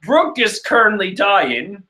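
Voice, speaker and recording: Anxious young woman sailor, lifted pitch, read by a man. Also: big pitch swings, slow pace, pushed and bright, heavily acted. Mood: worried. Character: young female navigator, worried and caring.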